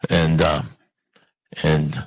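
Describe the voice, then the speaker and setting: A man telling a humorous personal recovery story to an audience in an animated, self-mocking way, often turning to the listeners with questions. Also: drawn-out words, husky, no echo, rough recording. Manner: animated, self-mocking, with sudden jumps in pitch; conversational, asks the audience questions. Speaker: recovery meeting speaker.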